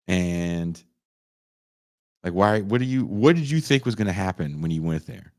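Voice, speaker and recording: A man in his forties with a low voice tells the story of a movie in loose podcast chat. He is animated and profane, and he slips into the characters' lines as he goes. The sound is dry and close, with no room echo. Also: normal speed. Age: 40s. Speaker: podcast host. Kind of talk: casual chat, retelling a movie.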